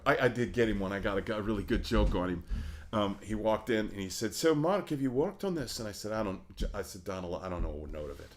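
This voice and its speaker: A middle-aged man, an opera singer, telling stories in a casual interview, animated and laughing often. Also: fairly low pitch, a little hiss or hum.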